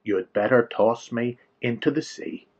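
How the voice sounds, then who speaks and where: A man voicing a sheepish, glum runaway prophet who speaks in a low, resigned way, on a dull lo-fi recording. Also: normal speed, husky, natural voice.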